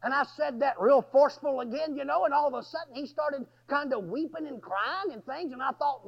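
A high-pitched man preaches in a folksy, storytelling way and breaks into shouts when things heat up. His voice carries gravelly fry, and the recording is dull and lo-fi. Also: fairly quick, hardly any pauses. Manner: folksy, animated, bursts into shouting. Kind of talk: storytelling sermon.

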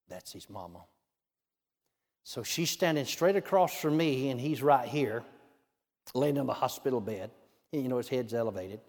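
A man's voice: mid-range voice, darkish tone. A man telling a minister's testimony in a folksy way, with many "you know" asides. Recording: long hall reverb.

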